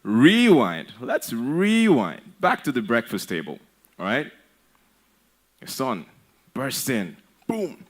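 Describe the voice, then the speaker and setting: A man's voice: medium pitch, slow, long pauses. A man giving a humorous motivational talk at a conference, telling stories with playful asides. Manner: animated storyteller, playful asides. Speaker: conference speaker.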